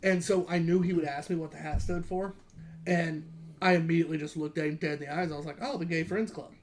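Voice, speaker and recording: High-voiced dude cracking up telling a story on a beer podcast. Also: male voice, little pitch movement, fast, a little hiss or hum. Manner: laughing, storytelling, profane. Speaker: podcast co-host. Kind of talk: casual chat, beer tasting.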